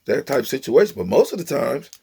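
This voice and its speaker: A man's voice: medium pitch, sing-song, quick pace, gravelly, dark tone, husky. A man giving an emphatic, exasperated breakdown of a football game, preaching straight at the players. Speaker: football commentator. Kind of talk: animated sports commentary vlog.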